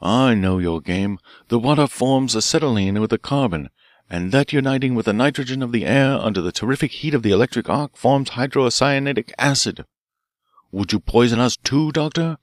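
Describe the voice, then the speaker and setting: A man's voice: medium pitch, moderate pace, dry recording, studio quality, voice pushed up, natural voice. A man reading an audiobook, voicing a bold, cool-headed detective professor who talks in a commanding way. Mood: accusing.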